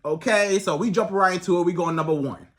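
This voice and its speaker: A man's voice: high-pitched, fairly quick. A man giving blunt, repetitive, slangy relationship advice in a casual monologue. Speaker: relationship coach.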